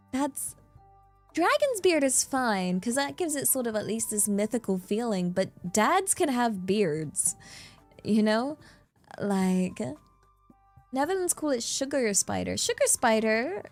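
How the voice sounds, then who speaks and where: A woman chats on a livestream in a loose, rambling way, full of fillers and playful asides. Now and then her voice jumps up in excited bursts. Soft music plays faintly behind her. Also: fairly high pitch, slow pace, long pauses. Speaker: streamer. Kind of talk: casual livestream chat. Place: in Japan.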